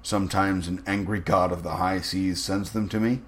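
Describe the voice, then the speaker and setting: A man voicing a suave, cruel aristocratic general with smooth, mocking menace. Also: deep voice, fairly even intonation, moderate pace, lightly acted.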